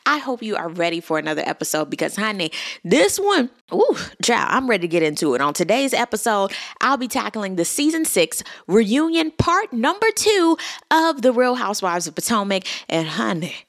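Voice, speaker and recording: A young woman giving a sassy, animated casual recap at her computer, calling listeners honey and child. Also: medium pitch, moderate pace, no echo, studio quality. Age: young adult. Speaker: reality TV recap podcaster. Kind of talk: casual commentary monologue.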